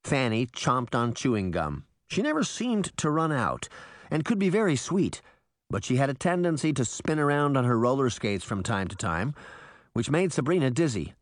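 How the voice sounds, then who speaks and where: Male audiobook narrator, lively storytelling, dead dry booth. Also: medium pitch, normal speed, no echo. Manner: expressive storytelling. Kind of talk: scripted narration.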